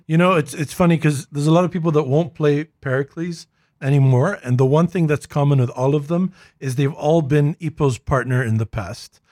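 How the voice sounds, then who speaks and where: A man with a slightly high voice talks casually on a podcast. He explains the rules plainly and tells wry stories about a fellow player. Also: fairly quick, darkish tone. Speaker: podcast co-host. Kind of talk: casual chat.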